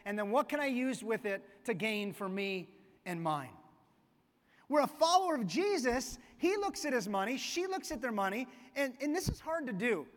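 A man's voice: very high-pitched, a bit bright. A man pastor giving a conversational, storytelling sermon in a church sanctuary. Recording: long reverb of a church hall.

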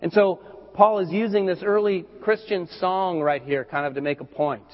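A man's voice: high voice, fairly even intonation, moderate pace. A man pastor preaching a sermon in a loose, conversational way, often repeating words as he goes. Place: church hall. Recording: dull lo-fi recording with hall reverb.

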